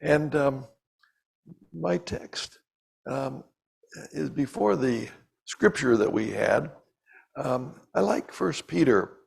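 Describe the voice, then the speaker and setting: Older male preacher, gravelly voice, relaxed storytelling sermon full of ums and asides. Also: mid-range voice, slow, long pauses. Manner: conversational, with frequent ums and asides. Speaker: preacher and missionary.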